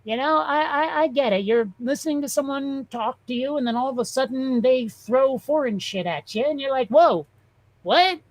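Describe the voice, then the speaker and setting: A woman's voice: high-pitched, fairly quick, hardly any pauses, no echo, poor audio. Rambling woman host, dry sound. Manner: rambling, profane comic storytelling. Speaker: show host. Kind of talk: casual chat.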